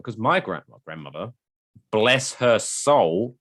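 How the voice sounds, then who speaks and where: A lower-voiced man with an English accent, chatting loosely as a podcast co-host. His pitch swings a lot as he rambles from joke to joke. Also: slow. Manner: rambling, jokey, with animated asides. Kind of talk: casual chat.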